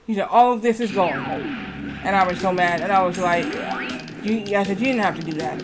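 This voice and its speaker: A man's voice: high voice, fairly quick, faint music behind. A man streaming a game who tells a long, rambling story and keeps repeating "I said" and "she said".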